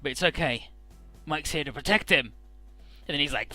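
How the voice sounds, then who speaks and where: A man's voice: fairly high pitch, expressive, normal speed, sharp tone, faint music behind. A man giving casual, profane commentary on a game, paraphrasing the characters in goofy voices. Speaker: let's play commentator.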